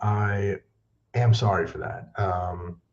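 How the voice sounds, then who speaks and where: Over loud music, a young man with a lowish, steady voice talks slowly while hosting a movie news livestream. He's a bit breathless, rambling, apologetic, and self-deprecating in this casual chat. The dull, lo-fi sound comes from a backup mic he's using in place of his usual one.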